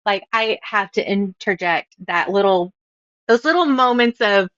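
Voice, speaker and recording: A woman's voice: mid-range voice, lively intonation, a little slow, fairly bright tone, dry recording, dull audio. A bubbly woman author in her thirties, chatting casually on a podcast and laughing at her own stories. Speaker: author guest.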